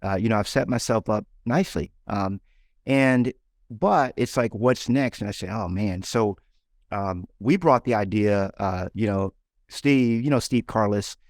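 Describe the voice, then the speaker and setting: A man's voice: fairly low pitch, expressive, measured pace, dry recording, clean studio sound. A man in a casual interview who talks animatedly, acting out imagined inner dialogue and often repeating words as he restarts. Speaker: guest entrepreneur and author.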